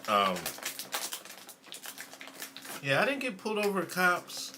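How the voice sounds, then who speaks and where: A man's voice: high voice, wildly swooping pitch, slow, background noise. A man hosting a casual livestream, rambling through stories with frequent laughs and swearing, sometimes dropping to a near whisper. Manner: loose rambling storytelling, frequent laughs and profanity. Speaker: streamer host.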